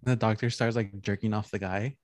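A man co-hosting a podcast, telling stories in a giggly, animated way and slipping into playful voices. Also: lowish voice, brisk, a little hiss or hum. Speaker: podcast co-host. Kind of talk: casual explicit chat.

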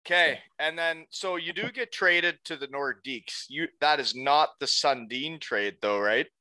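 A man's voice: on the high side, a little slow, pushed and bright. A man from Canada hosting a casual interview, joking and laughing as he asks his questions. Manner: jokey, laughs at his own quips. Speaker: podcast host.

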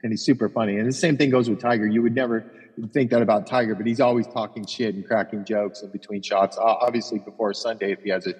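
A man's voice: fairly low pitch, fairly even intonation, fast talker, a little mellow, breathy edge, in a large hall, low-quality recording. A man, a golf caddie co-hosting a podcast, telling long profane anecdotes in casual chat, often restarting his words.

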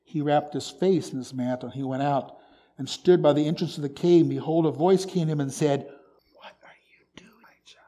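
A man preaching a sermon, reading scripture aloud and commenting on it, swinging from loud emphatic stresses to soft whispers. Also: on the high side, brisk. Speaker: pastor.

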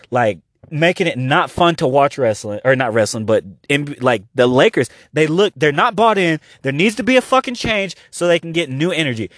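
A man from Oklahoma hosting his own podcast, ranting casually and profanely, dropping to a mumble and then rising to near shouts. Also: fairly high pitch, no echo, studio quality. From Oklahoma, USA. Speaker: podcast host. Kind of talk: casual solo podcast rant.

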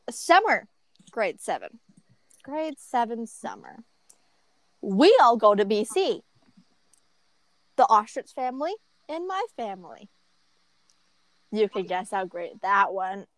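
High, lively woman telling a story. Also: measured pace, pauses often, no room sound. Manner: animated, giggly, rambling storyteller. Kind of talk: casual storytime chat.

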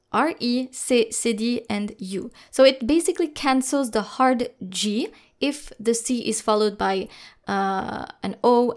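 A woman teaching French pronunciation in a lesson, speaking slowly and carefully, spelling out letters and repeating each sound. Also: mid-range voice. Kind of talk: scripted lesson narration.

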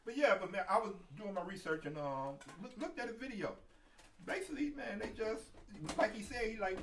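A man co-hosting a loose podcast talk, his voice sitting a little high and animated as he acts out quotes. He sounds set back from the mic in a roomy space. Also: brisk, recorded from a distance, a little hiss or hum. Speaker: podcast co-host. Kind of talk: casual chat.

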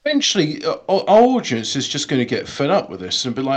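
A man's voice: mid-range voice, wildly swooping pitch, fast talker. A man co-hosting a casual podcast, musing at length with hesitations. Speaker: podcast co-host. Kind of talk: casual chat.

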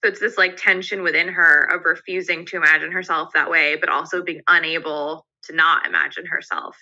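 Woman podcast co-host, sharp bright tone, slightly low pitch, tentative and thoughtful. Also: animated, brisk, muffled recording. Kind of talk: reading aloud and casual discussion.

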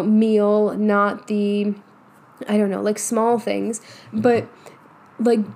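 A woman's voice: on the high side, mellow. A young adult woman coach giving a casual, emphatic motivational monologue and swearing often. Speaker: manifestation coach.

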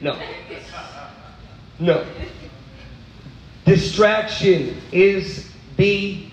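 High-pitched guy preaching, lots of up and down, sounds roomy. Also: a little slow. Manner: animated, swings from low asides to high exclaiming. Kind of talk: sermon.

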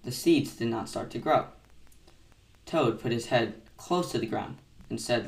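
A man hosting a bedtime story podcast, reading aloud gently in a soothing, unhurried style. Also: medium pitch, animated, creaky, roomy sound, recorded from a distance.

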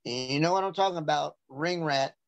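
A man telling joking stories in a dry, deadpan way. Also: fairly high pitch, normal speed, dry recording, lo-fi sound. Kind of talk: casual storytelling chat.

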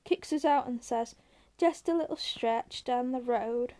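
A woman voicing a small, wiry, irritable man who scolds and curses sharply, with a high, mellow voice. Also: fairly even intonation, unhurried. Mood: exasperated.

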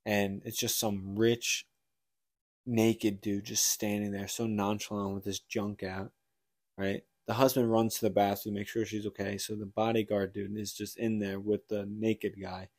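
A man's voice: on the low side, little pitch movement, a little slow, a little mellow, no room sound, studio quality. A man co-hosting a casual book podcast, rambling through a story retelling with lots of "like" and restarts. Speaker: podcast co-host.

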